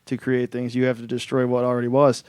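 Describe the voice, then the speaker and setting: Smooth-voiced young man, dry close sound. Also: mid-range voice, completely flat delivery, fast, darkish tone, no echo. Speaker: guest musician. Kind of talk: casual podcast chat.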